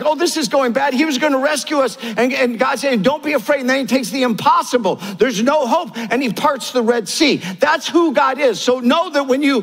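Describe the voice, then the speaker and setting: Older male pastor, husky high voice, sermon in a big echoing church hall, animated then quiet. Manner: animated preaching, repeated lines building up, then a quiet personal story.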